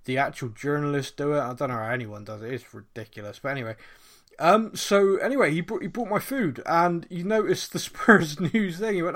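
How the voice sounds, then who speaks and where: A man's voice: on the high side, lively intonation, brisk, fairly bright tone. Jokey man hosting a podcast. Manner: jokey, self-mocking, laughs often. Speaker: podcast host. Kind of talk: casual chat.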